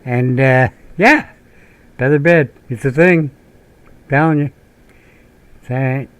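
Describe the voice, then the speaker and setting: A man's voice: medium pitch, slow pace, clean tone, dry recording. Rambling, cursing man on a game stream. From northern Minnesota, USA. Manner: meandering, profane storytelling with frequent laughs and tangents. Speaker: gaming channel host. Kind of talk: rambling commentary during gameplay.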